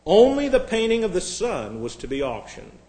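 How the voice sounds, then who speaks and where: A man's voice: high-pitched, huge pitch swings, moderate pace, mellow, reverberant, voice pushed up, poor audio. A preacher voicing a persistent male auctioneer. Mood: solemn. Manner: calling out bids, pressing the crowd.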